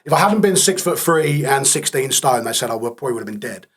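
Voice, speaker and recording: A man as a podcast guest, telling his story candidly in a blunt, matter-of-fact way with dark humour. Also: mid-range voice, animated, fast, breathy edge.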